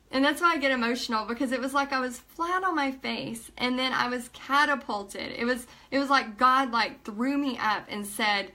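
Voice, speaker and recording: A woman nearing forty tells a personal story to her viewers, emotional and animated, acting out what people said. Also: sits high, moderate pace, hardly any pauses. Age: almost 40. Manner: emotional, animated retelling with acted-out quotes. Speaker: paint party instructor.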